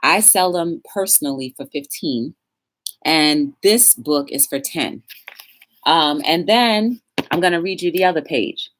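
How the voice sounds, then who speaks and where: A woman's voice: deep voice, animated, a little slow, fairly bright tone. A woman hosting a casual live-stream talk show, chatting straight to her viewers and reading quotes aloud with emphasis.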